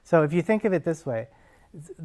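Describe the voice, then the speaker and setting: A man's voice: a little high, lively intonation, brisk, a little mellow. A man, a linguist who explains ideas to a class in a casual, conversational way using everyday examples. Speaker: linguist answering actors' questions.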